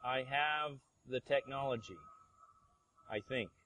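A man's voice: mid-range voice, takes it slowly, pushed and bright, slight background noise. A male pastor preaching a sermon, emphatic and fond of rhetorical questions to his congregation.

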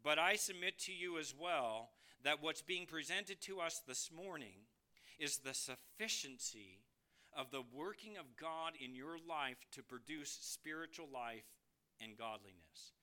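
A man preaching a sermon from the pulpit, moving between emphatic rises and soft low drops, asking the congregation questions. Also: animated, a little slow, clean tone. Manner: addresses listeners as beloved, asks them questions. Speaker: pastor.

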